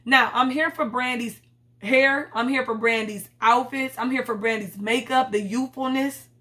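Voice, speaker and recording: A woman's voice: on the high side, normal speed. Blunt, profane woman recapping a show. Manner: blunt, profane, animated storytelling with quoted voices. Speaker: TV recap host. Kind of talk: casual episode recap.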